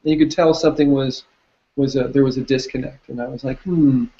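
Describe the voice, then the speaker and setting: A man's voice: medium pitch, fairly even intonation, fairly quick, dark tone, highs cut off. A man speaking as an entrepreneur guest in a casual chat, sharing experiences and laughing easily. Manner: chatty, laughs easily, uses fillers. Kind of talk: casual conversation on a call.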